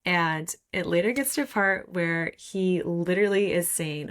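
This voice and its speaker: Gravelly-voiced woman chatting about books. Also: lowish voice, normal speed, few pauses. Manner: animated, reads quotes aloud with laughs. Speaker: podcast co-host. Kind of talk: casual book chat.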